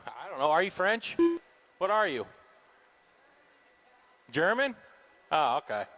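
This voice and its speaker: A man's voice: a little high, big pitch swings, slow pace. A man announcing radio-controlled car races at an outdoor track, calling the action in a casual, joking play-by-play and directing marshals. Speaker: race announcer. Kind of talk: live RC race commentary.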